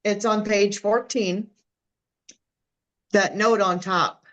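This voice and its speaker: A woman co-hosting a podcast in casual chat, answering in hesitant, measured replies. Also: mid-range voice, fairly even intonation, fairly bright tone.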